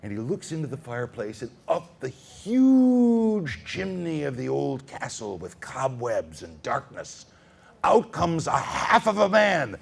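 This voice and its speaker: A man telling stories to children at a school, dramatic and animated, swinging from whispers to booms. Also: a little slow, gravelly. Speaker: storyteller. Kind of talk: storytelling to children.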